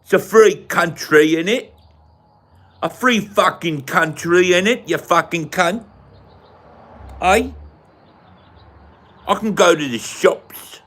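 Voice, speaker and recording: A man's voice: sits high, takes it slowly, pauses often, a bit bright, pitched above the performer's own voice, exaggerated voice. A man voicing a brash, swearing London bloke with a put-on London accent, boastful and mocking. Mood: cocky.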